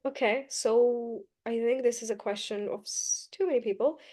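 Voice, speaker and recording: A woman's voice: on the high side, steady tone, normal speed, a little mellow. A young woman teaching English in a live online class, talking straight to her students, encouraging them and repeating her key points. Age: young adult.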